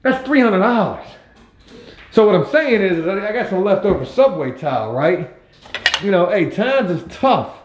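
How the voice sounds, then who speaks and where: A man's voice: high voice, big pitch swings, moderate pace, roomy sound, highs cut off, a little hiss or hum. Chatty, cussing renovation vlogger guy. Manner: chatty, profane, self-mocking. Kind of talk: casual vlog narration while working.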